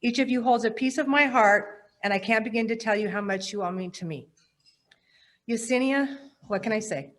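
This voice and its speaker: A woman with a slightly high voice gives an acceptance speech as the incoming president of an organization. She sounds humbled and heartfelt, a little choked up as she thanks those who came before her. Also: normal speed, fairly bright tone. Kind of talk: acceptance speech at an awards program.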